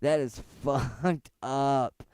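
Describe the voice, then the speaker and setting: A man's voice: drawn-out words, clean tone, dry recording, studio quality. Swearing man telling loose stories. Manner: loud, swearing storyteller who jumps into high mocking voices. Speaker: stream co-host. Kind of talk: casual profane chat.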